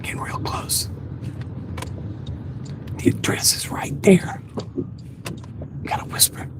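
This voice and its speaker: A man putting on the hushed voice of a TV deer hunter as whispered role-play, tense and excited, recorded inside a car. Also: takes it slowly, lightly acted. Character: hushed male TV deer hunter stalking prey. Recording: car noise in background.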